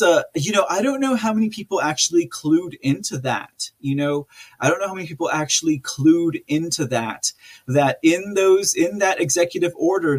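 A chatty man with a slightly high voice, reading out live chat on his stream. He rambles, restarts his sentences and laughs often as he goes.

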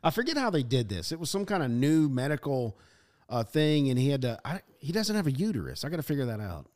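A man's voice: medium pitch, very animated, a little mellow. A man co-hosting a podcast, chatting in a jokey way. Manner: jokey, does quick mock voices. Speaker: podcast co-host. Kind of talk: casual chat.

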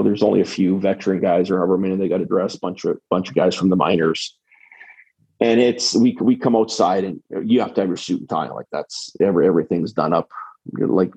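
A middle-aged man, a former hockey player, telling rambling, animated locker-room stories with many restarts. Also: lowish voice, gravelly, husky, dull audio. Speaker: podcast guest, former pro hockey player. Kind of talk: casual storytelling.

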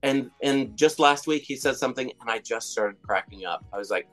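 A man's voice: mid-range voice, brisk, fairly bright tone. Middle-aged male interviewee, chatty and meandering, lots of fillers, faint music behind. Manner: rambling, hesitant, many fillers and restarts. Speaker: interviewee, comedian and songwriter. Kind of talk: casual interview storytelling.

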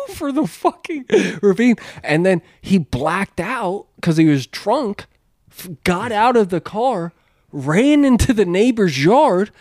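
A man's voice: high voice, darkish tone, no echo, studio quality. A man telling a rambling story in casual chat, swearing, laughing and acting out what people said. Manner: swearing, laughing, acts out quotes.

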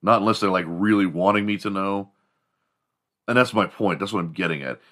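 A man's voice: low-pitched, brisk, a bit bright. A man from Houston hosting a podcast, talking in a crude, joking, rambling solo monologue. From Houston, Texas. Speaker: podcast host.

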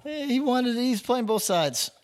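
A man's voice: very high-pitched, animated, unhurried. A young man co-hosting a podcast, chatting casually with needling, profane banter. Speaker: podcast co-host. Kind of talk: casual chat.

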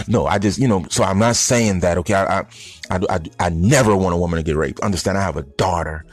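Deep-voiced man ranting bluntly. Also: fast talker. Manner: blunt, rambling, conversational. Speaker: vlogger addressing stoner audience. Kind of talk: casual opinion monologue.

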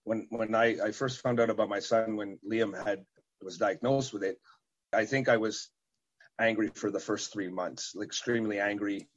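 A man, a parent and event organizer, answering interview questions in a halting way, with many fillers and repeated words. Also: lowish voice, fairly even intonation. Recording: dull lo-fi sound.

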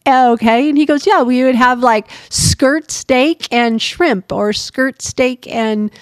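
A woman's voice: high voice, slow, no room sound. A woman in her fifties co-hosting a casual chat podcast, telling family stories with lots of laughter. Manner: animated storyteller, laughs often. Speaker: podcast co-host.

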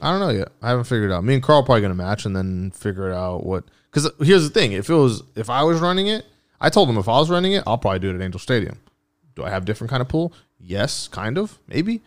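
A man's voice: mid-range voice, big pitch swings, quick pace. A man hosting a casual podcast, rambling and joking with lots of swearing. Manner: profane, rambling, jokey. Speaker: podcast host.

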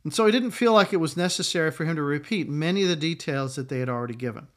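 Conversational preacher, fairly high-pitched man. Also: very fast, fairly bright tone. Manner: conversational preaching with acted-out quotes. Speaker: pastor. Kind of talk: sermon.

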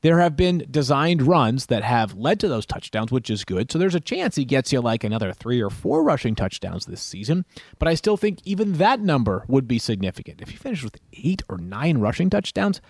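A man's voice: mid-range voice, brisk, no room sound, clean studio sound. A man hosting a sports podcast, breaking down fantasy football picks in casual, detailed talk. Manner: animated, detailed stat talk.

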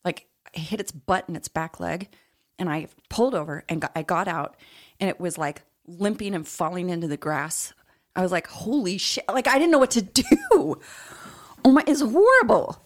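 A woman co-hosting a podcast, telling stories in casual chat in an expressive way, often laughing. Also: fairly low pitch, moderate pace. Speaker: podcast co-host.

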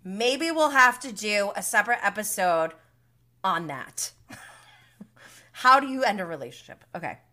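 A woman's voice: mid-range voice, animated, measured pace, long pauses, sharp tone. A woman hosting a live TV recap, talking in an emotional, indignant way, blunt and swearing freely, sometimes close to tears. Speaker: recap show host. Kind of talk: live reality TV recap commentary.

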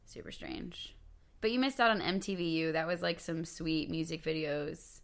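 A woman's voice: sits low, normal speed. A woman in her thirties co-hosting a podcast in casual chat, curious and full of questions, laughing often. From United States. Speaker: podcast co-host.

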